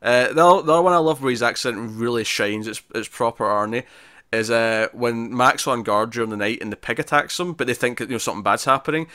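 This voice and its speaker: A man co-hosting a podcast, chatting casually and animatedly about a film, now and then quoting lines in a loud impression. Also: medium pitch, a little fast, no echo, clean studio sound. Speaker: podcast co-host. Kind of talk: casual film review chat.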